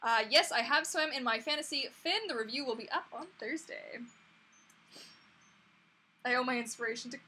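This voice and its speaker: Young female host, casual live Q&A, bubbly and squealy, fairly high, bright tone. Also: normal speed, husky. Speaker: mermaid channel host. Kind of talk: live-stream Q&A chat.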